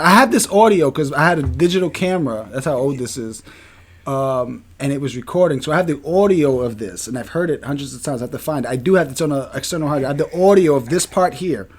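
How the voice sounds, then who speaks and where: Animated New man telling a story. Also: a little high. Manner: animated, profane, emphatic. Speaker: podcast co-host. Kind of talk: casual storytelling.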